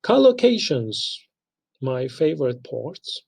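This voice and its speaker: Male instructor, unhurried lecture delivery, creaky gravelly tone. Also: on the high side, very animated, darkish tone, poor audio. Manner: slow, deliberate, spells out pronunciations. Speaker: English language instructor. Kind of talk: recorded lecture.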